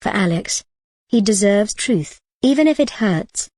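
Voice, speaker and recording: A woman's voice: medium pitch, expressive, unhurried, darkish tone, dry recording. A woman voicing a French woman curator in her mid-fifties, shaken and with a cracking voice.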